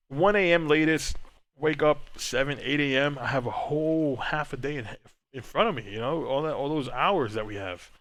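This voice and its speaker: A man's voice: medium pitch, lively intonation, normal speed, a bit bright, no echo. A young man co-hosting a casual podcast, talking candidly and rambling with many restarts and fillers. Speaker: podcast co-host. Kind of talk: casual chat, reading live chat.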